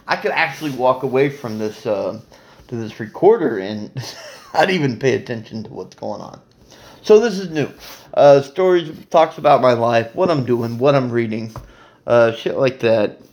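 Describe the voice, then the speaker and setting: Casting: male podcast host, gravelly fry, mid-pitched, crude, rambling, laughs a lot. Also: darkish tone. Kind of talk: casual solo podcast monologue.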